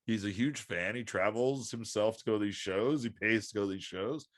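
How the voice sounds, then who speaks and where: A man co-hosting a wrestling podcast in casual chat, excitable, swearing freely and laughing often. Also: lowish voice, moderate pace, no room sound, studio quality. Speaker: podcast co-host.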